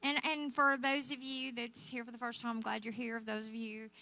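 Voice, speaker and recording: A woman's voice: fairly high pitch, little pitch movement, brisk. An older woman from Oklahoma with a Southern twang, telling her personal story to a church audience in a folksy, chatty way. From Oklahoma, USA. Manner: warm folksy storytelling, frequent laughs and fillers. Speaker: guest speaker. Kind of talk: testimony talk to a church audience.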